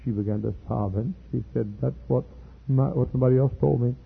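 A middle-aged male pastor telling a story in a sermon, earnest, repeating words and building to loud emphatic peaks. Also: medium pitch, steady tone, fairly quick, creaky, breathy edge. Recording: tinny lo-fi sermon tape.

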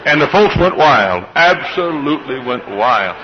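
A man's voice: medium pitch, sing-song, a little slow, highs cut off. A man preaching a sermon to a church congregation, directing members by name and calling for responses. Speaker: pastor. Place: church service.

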